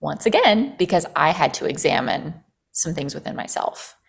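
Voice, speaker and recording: A woman with a fairly low voice tells a personal story as a podcast guest. Her delivery is animated and loose, peppered with "like." She swears without a second thought. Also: moderate pace, vocal fry, slightly rough. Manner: animated, frequent "like" fillers, swears casually. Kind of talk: casual conversational storytelling.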